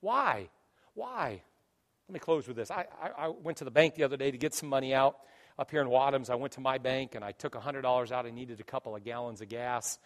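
A man's voice: mid-range voice, fairly even intonation, fast, long reverb tail. A man preaching a sermon as pastor, telling stories animatedly and acting out both sides of conversations. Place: church sanctuary.

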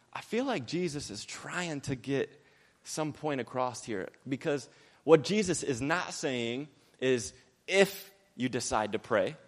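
A young man preaching a sermon quickly and energetically, mixing in jokes and acted-out quotes. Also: a little high, a bit bright, long reverb tail.

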